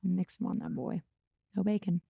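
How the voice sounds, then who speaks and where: A woman's voice: on the low side, little pitch movement, normal speed, creaky, husky, highs cut off. A woman from the US South co-hosting a casual podcast, laid-back and giggly, often echoing her co-host. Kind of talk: casual chat.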